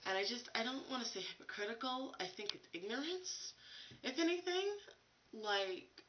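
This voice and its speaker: A young woman talking casually to a webcam, animated and full of "you know" and "like". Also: fairly high pitch, normal speed. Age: young adult. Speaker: vlogger. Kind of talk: casual opinion vlog. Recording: dull lo-fi webcam audio with faint hiss.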